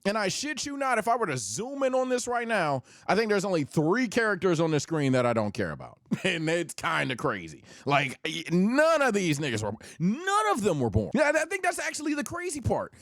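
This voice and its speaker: A young man streaming, ranking anime in loud, profane, animated casual chat. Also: high-pitched, normal speed, few pauses, no room sound, clean studio sound.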